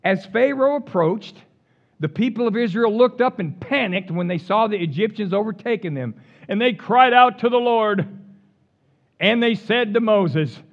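A man's voice: high-pitched, normal speed, lo-fi sound. A man preaching a sermon, joking with the congregation and reading scripture aloud with dramatic voices for complaining crowds. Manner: animated, jokey, reads scripture aloud acting out the complainers. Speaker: pastor.

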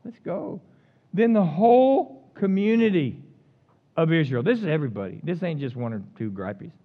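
In a slightly high voice at a moderate pace, a pastor delivers a sermon that sounds like it was recorded over a phone. He's animated and jokes with the congregation, acting out the complainers dramatically as he reads scripture aloud.

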